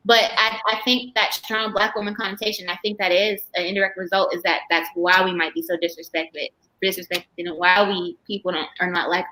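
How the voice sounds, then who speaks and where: A woman with a bright, forceful voice speaks openly on a panel. She talks with emphasis and laughs between her points. Her pitch is middling. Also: steady tone, quick pace, hardly any pauses, poor audio. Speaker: panel guest. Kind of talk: casual panel discussion.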